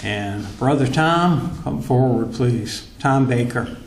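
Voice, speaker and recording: A man leading a church service, giving a measured, formal introduction of the speaker. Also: medium pitch, lively intonation, background noise. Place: church hall. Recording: echoey church hall.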